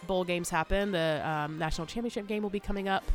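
A woman's voice: fairly low pitch, fast, faint music behind. A woman co-hosting a podcast in casual chat, talkative, with lots of fillers and laughter. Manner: chatty, laughs often, many fillers. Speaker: podcast co-host.

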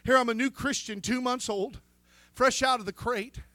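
High, bright-voiced preaching man. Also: steady tone, normal speed, no echo. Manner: fervent preaching with restarts and calls of amen. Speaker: pastor. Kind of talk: sermon.

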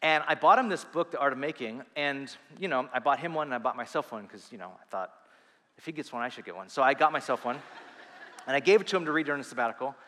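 Male pastor preaching, bright and forceful, earnest with restarts, long hall reverb. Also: medium pitch. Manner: animated, earnest, with quick asides and restarts. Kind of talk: sermon.

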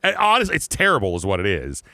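A man co-hosting a casual comedy podcast, rambling and animated, with lots of "like" and laughter. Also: fairly low pitch, fast, no room sound, studio quality. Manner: rambling, animated, frequent "like" and laughter, playful mock voices. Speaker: podcast co-host.

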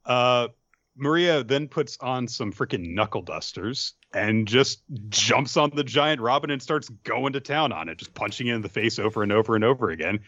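A man's voice: medium pitch, expressive, a bit bright, no room sound. A man chatting through a plot recap, his voice swinging up and down with energy. The sound is close and dry, with a slightly muffled top end. He mixes storytelling with wry jokes. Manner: summarizes plot with quick acted quotes, wry asides. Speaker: podcast co-host recapping an anime episode. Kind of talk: casual chat.

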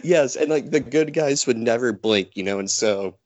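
A podcast host retelling a story casually and animatedly, full of likes, on a close mic. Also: male voice, mid-range voice, normal speed, a little mellow, no room sound.

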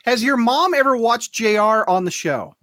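Lively man in his forties. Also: extremely high pitch, moderate pace, dry recording, clean studio sound. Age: 40s. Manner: laughing, self-mocking storyteller. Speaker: podcast co-host. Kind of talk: casual chat.

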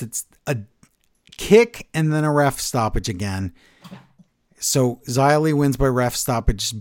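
In a casual recap of the week's wrestling shows, this podcast co-host comes across sarcastic and exasperated. His pitch is medium, and the audio is studio quality with no echo.

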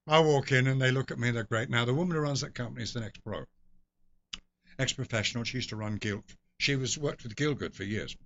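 A man's voice: medium pitch, fairly bright tone. An older man from England, telling long rambling stories as a guest in a casual interview. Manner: rambling anecdotal storyteller with restarts and laughs. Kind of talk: casual storytelling. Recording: dull lo-fi recording.

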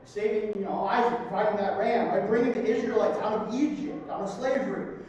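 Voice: mid-range voice, a little fast, a little mellow, dull audio. Pastor heard from far off in an echoey hall. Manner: keeps asking "right?" after points. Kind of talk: conversational sermon. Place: church sanctuary. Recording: distant, echoey hall recording with faint noise.

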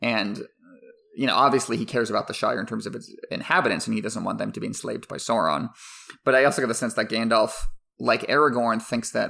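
A man with a low, heavily gravelly voice talks through his analysis in a conversational way. He often restarts phrases as he works out his thoughts, and he sounds reflective and unhurried. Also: pushed and bright. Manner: thoughtful, restarts phrases while thinking aloud. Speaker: commentator on a book and its film adaptation. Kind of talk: conversational analysis, partly scripted essay.

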